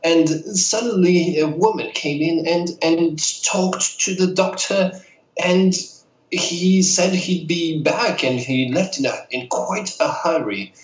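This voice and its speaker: A man's voice: a little high, slow, reverberant, pitched above the performer's own voice, low-quality recording. A man voicing a fretful old woman patient who rambles and trails off.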